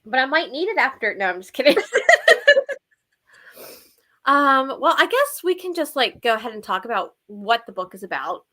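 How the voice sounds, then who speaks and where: A woman's voice: fairly high pitch, very animated, normal speed, long pauses, pushed and bright. A woman hosting a live book club stream, chatting casually with lots of laughs and fillers. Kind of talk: casual livestream chat.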